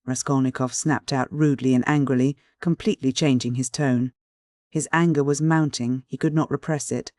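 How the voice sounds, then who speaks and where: A man narrating a classic novel as an audiobook in a measured, steady reading. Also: medium pitch, no room sound, studio quality. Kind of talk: scripted literary narration.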